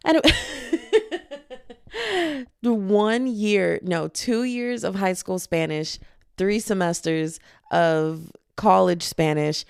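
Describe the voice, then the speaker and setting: A woman's voice: mid-range voice, expressive, takes it slowly, creaky, darkish tone, no room sound, clean studio sound. A young woman in her twenties hosting a solo podcast, chatting casually in a rambling, self-deprecating, jokey way into a microphone. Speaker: podcast host.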